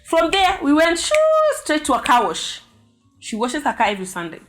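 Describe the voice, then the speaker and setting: A young woman from Africa tells a story in a lively, casual way. Her voice sits on the higher side, and she acts out the sounds herself. Faint music plays behind her. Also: normal speed. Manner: animated, mimics sounds with her mouth. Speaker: vlogger.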